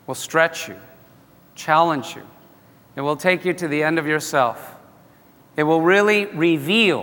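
A pastor preaching with earnest emphasis, dropping to a hush and rising again. His voice is bright and sits fairly high. A long hall reverb hangs on every phrase. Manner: earnest, emphatic, swings between loud and hushed. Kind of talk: sermon.

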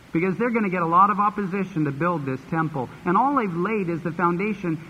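A man's voice: sits high, a bit bright. Man preaching in a reverberant hall. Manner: expository Bible teaching with folksy asides. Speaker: pastor. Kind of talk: sermon. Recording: dull lo-fi recording with long hall reverb and faint hiss.

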